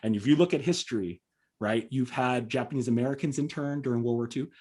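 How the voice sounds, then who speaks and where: A man's voice: medium pitch, fast, darkish tone. A man from Southern California speaking as a podcast guest, earnest and emphatic, with frequent fillers. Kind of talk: conversational interview.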